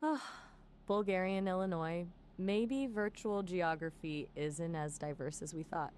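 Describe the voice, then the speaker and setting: Ai companion lady, lowish voice, chatty and quippy. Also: a little slow, darkish tone, a little hiss or hum. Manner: chatty, playful quips. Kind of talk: conversational AI chat.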